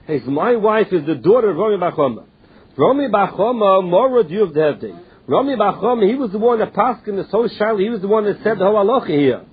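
This Talmud teacher's voice is high-pitched and slightly rough, with big pitch swings and a brisk pace. He reads passages and explains them in English with many restarts, and the recording has tinny phone-line quality.

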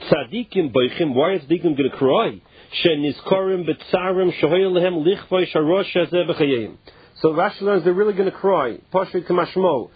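A man teaching a Talmud class, reading phrases slowly and then explaining them casually with many "like"s. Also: high voice, breathy edge, no room sound. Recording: muffled, dull and dry lo-fi recording.

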